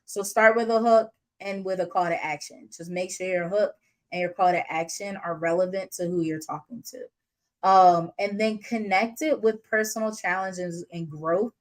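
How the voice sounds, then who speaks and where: Woman coach, mid-range voice, unscripted and candid, quick to laugh. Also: mid-range voice, rough recording. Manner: lively, laughs often, slangy and candid. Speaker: business coach. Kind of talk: casual unscripted teaching.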